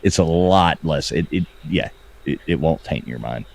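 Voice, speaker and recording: A man with a low, deep voice hosting a loose podcast chat. His delivery swings up and down in pitch. He rambles, swears freely and trips over his words. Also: expressive, normal speed, vocal fry, a little mellow. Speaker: podcast host. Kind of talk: casual chat.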